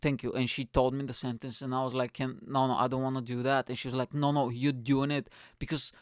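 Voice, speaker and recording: A young man from Bulgaria hosting his own podcast, telling rambling stories in an animated, tangent-jumping way and swearing often. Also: mid-range voice, a little fast, no room sound, studio quality. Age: young adult. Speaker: podcast host. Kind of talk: casual storytelling rant.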